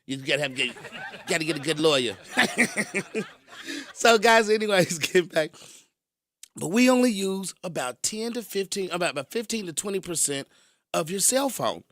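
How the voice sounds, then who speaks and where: A man hosting a radio show, telling stories in an animated way and chuckling as he talks. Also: sits high, moderate pace, dry recording, clean studio sound. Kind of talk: casual radio storytelling.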